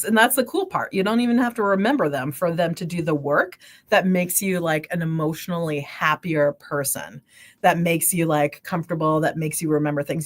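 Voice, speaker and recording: A woman scientist, a guest on a livestream, explaining sleep and dreams with lively examples. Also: lowish voice. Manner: animated, explains with quick examples. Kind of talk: livestream interview.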